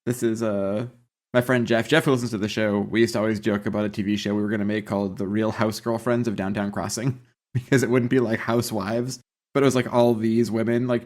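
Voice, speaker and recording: A man's voice: fairly low pitch, level tone, a little fast, darkish tone. A man from the Boston area co-hosting a podcast, telling jokey stories in casual chat. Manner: joking storyteller, laughs between lines. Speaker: podcast co-host.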